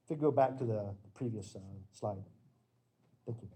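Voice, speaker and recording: A middle-aged man preaching a sermon with slides, in an earnest, emphatic storytelling manner that breaks into sudden loud bursts. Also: medium pitch, normal speed, husky.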